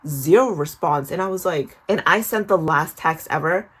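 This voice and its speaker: Husky-voiced young woman telling a storytime. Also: deep voice, normal speed. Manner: chatty, animated storytelling with frequent swearing; addresses the viewer as "girl". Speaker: vlogger. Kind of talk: casual storytime vlog.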